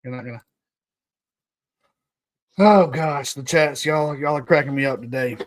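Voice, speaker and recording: Pria podcaster santai yang sering tertawa. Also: male voice, mid-range voice, a little slow. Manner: laughs often, jokes and riffs with chat while reading notes. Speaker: podcast host. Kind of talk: casual solo podcast reading to a live chat.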